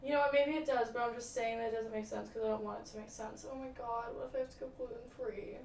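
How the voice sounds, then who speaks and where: A woman's voice: fairly high pitch, steady tone, fast, darkish tone. A young woman livestreaming and answering viewer comments in casual chat. She talks dramatically, swears freely and fills her speech with "like" and "um.". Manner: chatty, dramatic, swears freely, many "like" and "um" fillers. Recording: roomy echo, distant from the mic, faint ambient noise.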